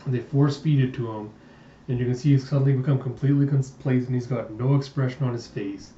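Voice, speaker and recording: A man casually reading through a comic and chatting about it with relaxed asides. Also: mid-range voice, quick pace, slight background noise. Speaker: comic readthrough host. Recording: roomy, distant, dull lo-fi sound.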